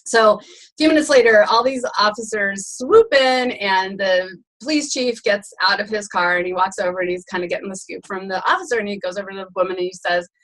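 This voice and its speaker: A woman co-hosting a casual sales show, chatty and animated, laughing often as she tells a joke. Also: medium pitch, brisk, low-quality recording. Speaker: co-host. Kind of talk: casual chat.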